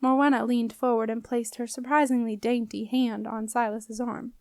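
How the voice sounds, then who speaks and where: A woman reading a children's fantasy novel aloud in an even, measured storytelling voice. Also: a little high, dry recording. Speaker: audiobook reader. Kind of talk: audiobook narration.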